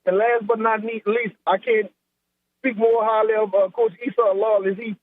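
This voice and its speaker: A man with a thick South Louisiana accent rambles along easily, repeating words as he talks. His voice sits fairly high for a man and comes through a thin, tinny phone line. The sound is dry and close. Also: level tone, moderate pace, no room sound. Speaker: head track coach. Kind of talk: phone-in interview.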